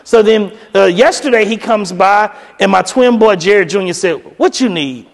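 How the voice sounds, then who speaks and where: High-voiced man telling stories. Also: moderate pace, creaky, long reverb tail. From South Louisiana. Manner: animated, acts out voices in quoted dialogue, casual Southern phrasing. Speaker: keynote speaker, professor. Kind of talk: energetic storytelling keynote. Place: lecture hall.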